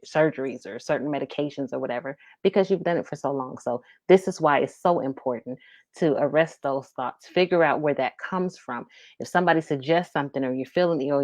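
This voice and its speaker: A woman's voice: low voice, no room sound. A middle-aged woman co-hosting a talk show, telling a personal story in an earnest, conversational way. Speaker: podcast co-host. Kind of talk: casual chat.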